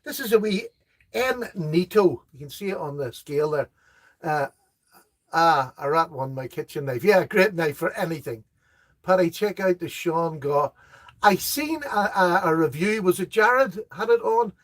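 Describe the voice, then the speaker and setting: A chatty middle-aged man with a high voice for a man, hosting a relaxed live stream. He reads viewer comments aloud, laughs easily at their jokes and chats on in a friendly, rambling way. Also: a little slow. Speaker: host of a live knife chat. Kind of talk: casual live-stream chat.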